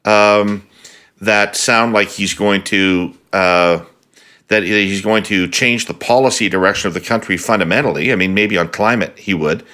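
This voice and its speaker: A man's voice: on the low side, normal speed, bright, forceful tone. A man hosting a podcast, speaking bluntly and emphatically in a casual political discussion. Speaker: podcast host.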